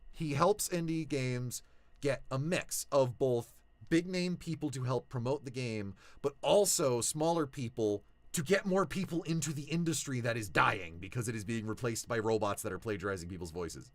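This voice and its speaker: A young male voice actor talking casually to his viewers, animated, swinging between low mutters and excited shouts. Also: moderate pace, no room sound. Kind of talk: casual vlog talk.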